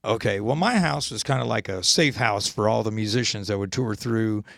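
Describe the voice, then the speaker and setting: A man hosting a casual talk show, telling anecdotes in an animated way and jumping high in pitch when he quotes other people. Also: normal speed, vocal fry, no echo. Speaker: host. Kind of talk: casual storytelling chat.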